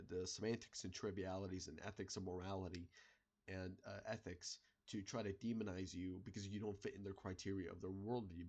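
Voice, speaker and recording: A man in an unscripted solo monologue, rambling and halting, with many restarts, fillers and the odd swear word. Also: low voice, husky. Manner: swears in passing. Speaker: video creator.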